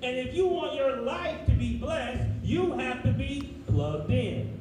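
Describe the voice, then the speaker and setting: A man preaching a folksy, animated sermon as pastor. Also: very high voice, takes it slowly. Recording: echoey room, far from the mic, music behind.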